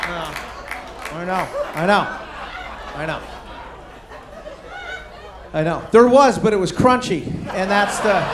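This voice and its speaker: A man doing stand-up comedy, telling a self-mocking story in an animated way and acting out bits of dialogue. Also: very high-pitched, reverberant, a little hiss or hum.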